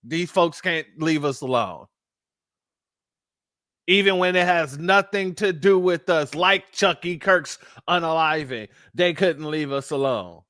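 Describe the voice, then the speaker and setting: A fairly high-voiced man hosts a commentary show, indignant and insistent as he talks straight to his audience, whom he calls family. The sound is close and dry, with no room around it. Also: unhurried, fairly bright tone, dry recording. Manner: addresses listeners as family, indignant. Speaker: host.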